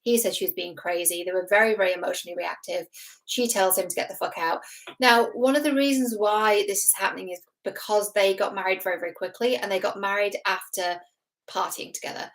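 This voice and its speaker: A woman in her thirties talks straight to camera as a relationship expert, walking through a show's couple with earnest, analytical care. Her voice sits in an ordinary middle pitch, and she often pauses on fillers and restarts her sentences as she thinks aloud. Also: fairly even intonation. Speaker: relationship expert and show host. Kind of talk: casual reaction commentary to camera.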